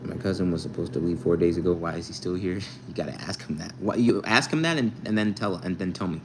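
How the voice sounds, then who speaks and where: Young man, low voice, playful livestream chat, reading comments, joking, faint hiss behind. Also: fast talker. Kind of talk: casual live stream chat reading comments.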